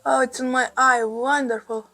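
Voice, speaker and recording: A woman's voice: high voice, fairly even intonation, moderate pace. A woman with a Russian accent vlogging about her plants at home, gushing and exclaiming often. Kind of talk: casual vlog. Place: small room at home. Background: soft background music.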